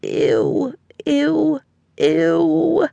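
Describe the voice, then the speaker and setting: A woman's voice: on the high side, sing-song, slow pace, pushed and bright, no echo, voice pushed up, heavily acted. A woman doing a squeamish, jumpy young friend. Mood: disgusted. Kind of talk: audiobook character voice.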